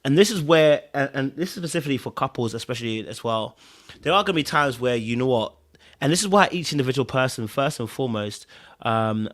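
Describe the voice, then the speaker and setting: This man's voice sits in the mid range with a slightly bright quality. Hosting a podcast, he gives live viewers laid-back relationship advice, hammering key words through repetition and regularly checking in with listeners.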